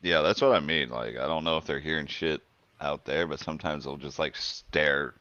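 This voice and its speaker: A man's voice: normal speed, bright, forceful tone, highs cut off. A man co-hosting a podcast in casual chat, joking and swearing a lot. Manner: joking, swears a lot, drops into low mutters. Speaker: podcast co-host.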